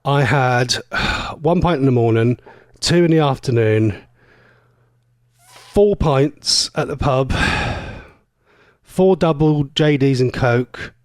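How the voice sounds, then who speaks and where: A man's voice: mid-range voice, slow pace, long pauses, dry recording. A man, a radio presenter telling long rambling stories in casual chat, full of fillers and self-corrections.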